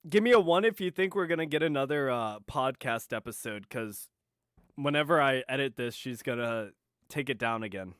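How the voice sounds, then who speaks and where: A man's voice: medium pitch, animated, normal speed, fairly bright tone, no room sound, clean studio sound. A tired man chatting and swearing casually while live streaming late at night. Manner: profane, exasperated, rambling.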